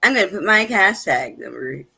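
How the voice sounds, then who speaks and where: Woman minister, casual live-show host at home, tense bright tone, animated storyteller. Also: normal speed, gravelly, husky. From Chicago, USA. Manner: animated storyteller with big pitch swings, laughs often.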